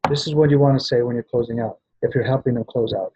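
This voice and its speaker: A man's voice: medium pitch, steady tone, fast talker, mellow, breathy edge, muffled recording. A man giving a rambling training talk to sales agents, often restarting and checking in with "right?". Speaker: business trainer at a travel party.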